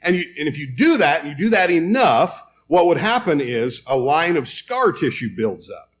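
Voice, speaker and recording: Storytelling preacher man, slightly high voice. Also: sing-song, moderate pace. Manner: storytelling, conversational, reads scripture aloud. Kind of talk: sermon.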